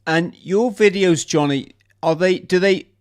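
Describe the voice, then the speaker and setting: A man hosting a relaxed conversation, his voice smooth and resonant. He comes across as enthusiastic, and his sentences stop and start as he searches for the right words. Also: high voice, unhurried. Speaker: host. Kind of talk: casual conversation.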